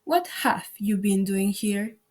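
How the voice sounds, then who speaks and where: A woman reading an audiobook, voicing a furious, tyrannical queen who shouts her orders in a loud, shrill voice. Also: expressive, slow pace. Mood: imperious fury.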